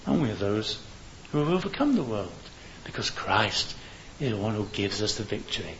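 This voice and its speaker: A man's voice: on the low side, very animated, moderate pace, a bit bright. Earnest male preacher on a dull, hissy recording. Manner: earnest, rising to fervent appeals. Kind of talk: evangelistic sermon.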